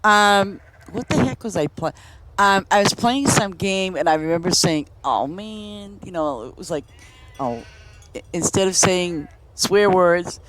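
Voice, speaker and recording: A woman's voice: on the low side, measured pace, fairly bright tone, a little hiss or hum. A woman chatting casually while she streams a game, rambling from story to story and laughing often. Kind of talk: casual chat while playing. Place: home, in Boston.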